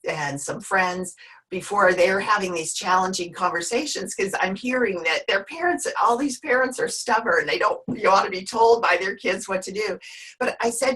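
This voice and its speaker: A woman's voice: medium pitch, normal speed, fairly bright tone, slightly rough. A woman in her fifties giving an online workshop talk, earnest and emotional, often restarting her sentences. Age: 50s. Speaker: workshop presenter.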